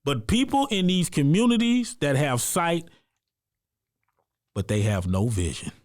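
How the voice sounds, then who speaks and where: A man's voice: on the high side, very animated, measured pace, a little mellow, no echo, studio quality. A man from the United States, a podcast guest, telling his own story in an earnest, emphatic, conversational way. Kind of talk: personal storytelling in an interview.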